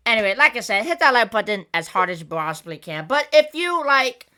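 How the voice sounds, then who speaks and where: A woman's voice: on the high side, sing-song, a little fast, sharp tone. A woman hosting a casual podcast, talking in an exasperated rant and swearing freely. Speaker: podcast host.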